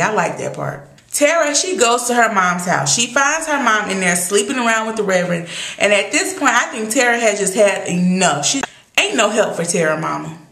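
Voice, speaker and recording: A woman's voice: mid-range voice, fairly bright tone. A young woman recapping a TV episode in casual, sassy, opinionated talk full of exclamations. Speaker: TV recap vlogger. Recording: echoey room.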